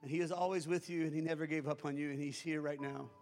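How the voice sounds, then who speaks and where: A pastor delivering a sermon and leading the congregation line by line in a prayer, moving between loud exhortation and quiet pleading. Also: male voice, on the high side, steady tone, fast talker, big-room sound. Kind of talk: sermon with altar-call prayer.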